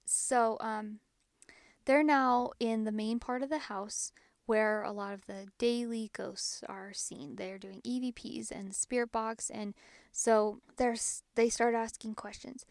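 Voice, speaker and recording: A woman's voice: on the high side, fairly even intonation, slow, dry recording. Woman host, casual ghost-story podcast, lots of fillers, dry close sound. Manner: chatty, filler-heavy retelling.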